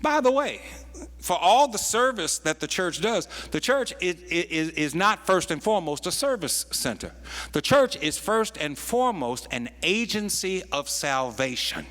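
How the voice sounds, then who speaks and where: A man's voice: high-pitched, very animated, a little slow, a bit bright, long reverb tail. A pastor preaching a sermon, repeating words as he builds a point and dropping in folksy asides. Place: church sanctuary.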